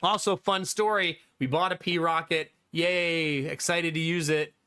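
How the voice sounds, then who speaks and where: A man's voice: fairly high pitch, steady tone, a little slow, pushed and bright, clean tone. A man in his thirties, a live streamer telling a story to his viewers in casual chat, laughing often and swearing freely.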